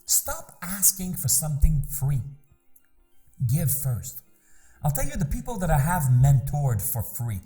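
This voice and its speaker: A man's voice: on the high side, big pitch swings, unhurried, warm tone, soft background music. A man speaking as a business mentor in an emphatic motivational talk, repeating rhetorical questions to drive points home.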